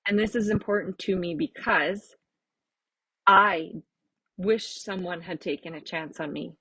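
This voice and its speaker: A middle-aged woman, a podcast host and artist, gives a casual, heartfelt monologue that's earnest and reflective, rambling with fillers and restarts. Her low-ish voice is husky, pushed, and bright, a little slow, with no echo on a rough recording.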